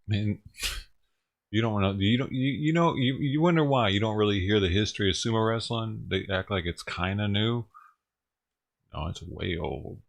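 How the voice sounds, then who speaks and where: Gravelly low-voiced man ranting on stream. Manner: profane, rambling and chuckling. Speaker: livestream streamer. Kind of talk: casual livestream rant.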